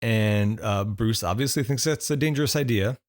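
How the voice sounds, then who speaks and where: A man's voice: lowish voice, moderate pace, no room sound, studio quality. A man co-hosting a podcast, reviewing a film in casual chat, laughing often and restarting his thoughts. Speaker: podcast co-host.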